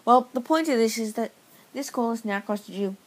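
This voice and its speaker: A woman playing a deadpan helpline operator in a comedy sketch, overly polite and saying sir over and over. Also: fairly high pitch, moderate pace, lightly acted. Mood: smug.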